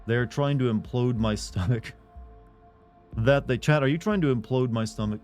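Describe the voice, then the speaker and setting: A man's voice: medium pitch, moderate pace, darkish tone. Male streamer, sarcastic rambling chat with viewers, faint music underneath. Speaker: live streamer.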